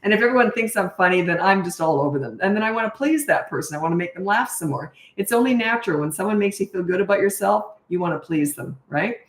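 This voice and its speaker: A middle-aged woman coaching parents in a relaxed live Q&A, frank and chatty and quick to laugh at herself. Her voice sits at a medium pitch and bounces around a roomy, echoey space. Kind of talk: casual live Q&A chat.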